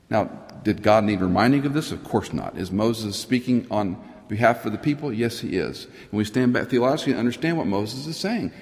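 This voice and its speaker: A middle-aged man preaching a sermon, earnest, rising high for emphasis and dropping to a near whisper. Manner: earnest, rises in pitch for emphasis, drops to a near whisper at times. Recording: long hall reverb.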